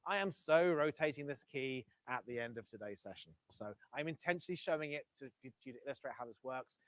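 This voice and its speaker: A man with a mid-range voice and lively intonation speaks fast, without echo, while live-coding in front of a meetup audience. Using a Bluetooth headset, he keeps the tech talk casual, fixes his own slips and adds dry, wry remarks.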